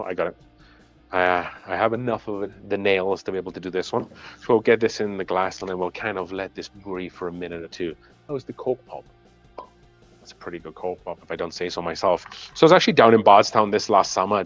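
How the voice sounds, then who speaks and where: A man's voice: fairly low pitch, no echo, lo-fi sound. A man with a Welsh accent hosting a casual whiskey livestream, chatty and easygoing, thanking viewers by name. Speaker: whiskey channel host. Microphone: clip-on mic on his shirt.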